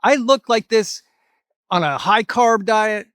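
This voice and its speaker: A middle-aged man pitches his fitness advice straight at the viewer. He talks in a rather high voice, blunt and emphatic, with a bit of mild cursing. The room sounds dry, with no echo. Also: takes it slowly, fairly bright tone, clear, resonant tone. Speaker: fitness vlogger. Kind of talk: motivational talk to camera.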